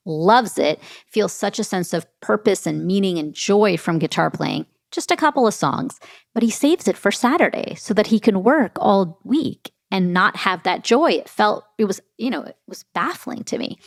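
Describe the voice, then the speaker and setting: A woman's voice: medium pitch, normal speed, creaky, no echo, studio quality. A woman physician, a guest on an interview show, explaining stress habits and telling stories that act out the dialogue. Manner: animated storytelling, acts out quoted dialogue. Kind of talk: conversational interview.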